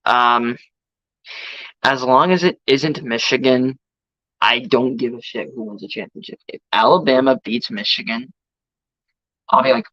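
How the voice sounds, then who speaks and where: On a casual live stream, a man with a medium-pitched, pushed, bright voice rants heatedly and profanely about college football while greeting viewers in chat. He speaks unhurriedly with long pauses, and the mic sound is dry and slightly dull, with no echo.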